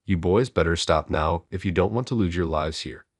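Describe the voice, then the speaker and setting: Brief: steady, calm bar owner lady, read by a deep-voiced man. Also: moderate pace, husky, dry recording. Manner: calm, pleading.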